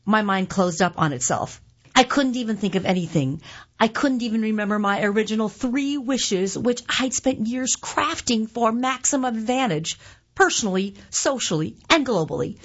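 A woman reading a first-person short story aloud with expressive narration. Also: a little high, normal speed, muffled recording. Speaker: volunteer reader.

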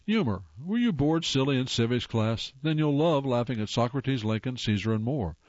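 A man reads corny jokes aloud in a casual, mid-pitched voice, pausing to groan wryly at the worst ones. The sound is dry with no room echo and a little muffled. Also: expressive, a little mellow. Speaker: host reading jokes aloud.

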